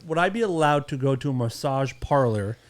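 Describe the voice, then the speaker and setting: A man's voice: medium pitch, lively intonation, brisk. Teasing man in a podcast chat. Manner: teasing, jokey asides and provocative questions. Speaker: podcast co-host.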